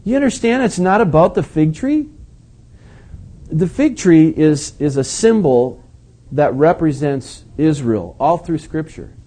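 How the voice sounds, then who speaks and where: A man's voice: fairly high pitch, lively intonation, unhurried, dark tone, breathy edge. A man preaching a sermon in a conversational, questioning way, stressing his points with emphasis.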